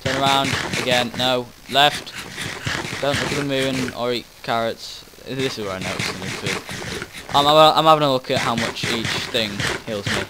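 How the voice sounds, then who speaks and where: Heavy background noise surrounds a man with a medium-pitched voice and moderate pace. He provides rambling commentary on his own gameplay footage, self-interrupting, losing his train of thought and casually swearing.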